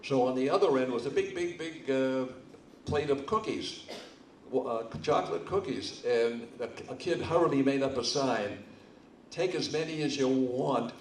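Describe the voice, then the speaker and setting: A man's voice: medium pitch, darkish tone. An older man tells stand-up jokes at a charity comedy night, taking his time and stumbling through restarts before each punchline. He stands back from the stage mic, so his voice sounds distant. The big hall adds a roomy echo, with a faint hum of ambience underneath. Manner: slow, halting delivery with restarts. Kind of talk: stand-up joke telling. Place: hall with a live audience. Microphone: stage microphone, speaking from a distance.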